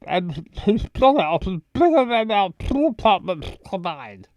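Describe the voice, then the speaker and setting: A woman's voice: mid-range voice, big pitch swings, measured pace, a little mellow, dry recording, poor audio. A woman voicing a blunt, teasing best friend in a video game. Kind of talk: game voice acting.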